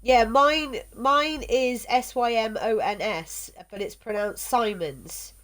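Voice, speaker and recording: Slow, chatty woman streamer. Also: fairly high pitch, fairly bright tone. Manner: chatty, halting, trips over words and laughs. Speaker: game streamer. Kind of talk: casual chat with stream viewers.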